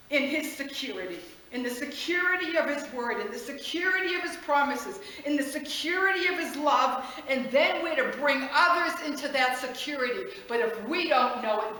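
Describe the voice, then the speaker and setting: An impassioned woman preacher with a high, bright voice. She builds to near-shouts and laughs as she speaks. The room around her is very echoey. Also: lively intonation, normal speed, slight background noise. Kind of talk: passionate sermon.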